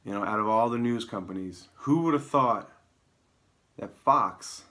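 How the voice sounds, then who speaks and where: Rambling low-voiced man joking through news. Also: unhurried. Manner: rambling, self-mocking, deadpan asides. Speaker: comedy show host. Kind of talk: improvised comedic news rundown. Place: alone in a room, talking to camera.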